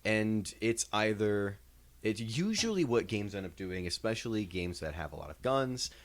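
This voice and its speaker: A man's voice: on the low side, animated, normal speed. A man co-hosting a casual podcast chat, explaining his views on a game at length. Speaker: podcast co-host reviewing games and movies.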